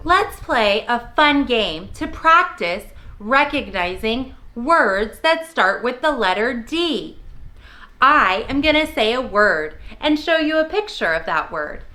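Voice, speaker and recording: A woman's voice: fairly high pitch, sing-song, takes it slowly, pushed and bright. A young woman teaching preschoolers, prompting little kids in a cheerful sing-song way. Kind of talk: children's lesson video.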